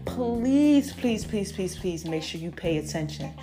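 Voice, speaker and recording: A podcast host who also owns a brand talks to her followers in a gushing, lively, casual update, addressing them as "y'all" and "baby." She speaks at a medium pitch and a little slowly, with music playing behind her.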